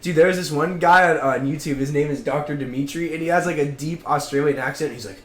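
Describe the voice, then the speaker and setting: A man's voice: a little high, steady tone, fast. A young man co-hosting a casual podcast, chatting loosely with lots of slang and fillers. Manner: rambling, laid-back slang. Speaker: podcast co-host. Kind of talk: casual chat. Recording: echoey room.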